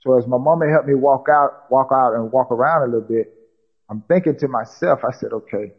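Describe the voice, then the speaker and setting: A man's voice: medium pitch, slightly rough, highs cut off. A man from South Carolina, a podcast guest recounting a personal story and quoting others with many "she said" tags. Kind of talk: storytelling in conversation.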